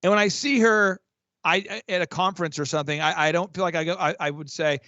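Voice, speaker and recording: A man working as a business coach, talking in an energetic, emphatic way with frequent restarts on a podcast. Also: a little high, fast, no room sound, lo-fi sound. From Oklahoma. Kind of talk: fast promotional podcast talk.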